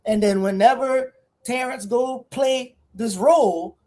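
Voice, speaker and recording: A co-host, telling stories animatedly in casual chat. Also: mid-range voice. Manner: animated storyteller, quick asides.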